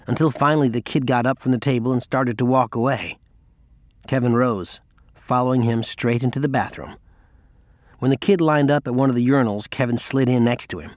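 A man reading a story aloud in steady, measured audiobook narration. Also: medium pitch, dry recording, studio quality. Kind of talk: scripted narration.

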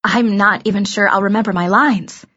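A woman reading a stunned, anxious teenage girl who asks quiet, bewildered questions, on a dull, lo-fi recording. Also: mid-range voice, moderate pace, slightly rough.

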